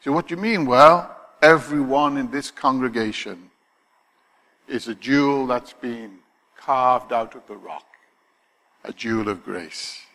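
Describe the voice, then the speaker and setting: A man's voice: medium pitch, measured pace, sharp tone. A male pastor preaching a sermon to his congregation, emphatic, often asking rhetorical questions of his listeners. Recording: long hall reverb.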